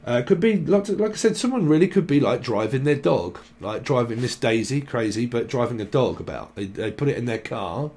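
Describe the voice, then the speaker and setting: Brisk and lively, with few pauses and a slightly mellow mid-range tone, a tarot reader channels a stream-of-thought reading. He leaps between names and words in a list-like ramble, joking as he goes.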